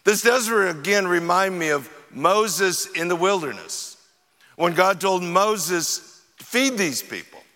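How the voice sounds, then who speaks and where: A man's voice: sits high, expressive, slow pace, bright, forceful tone. A man preaching a sermon as pastor, talking conversationally and acting out the disciples' sarcastic replies. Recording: echoey hall with long reverb.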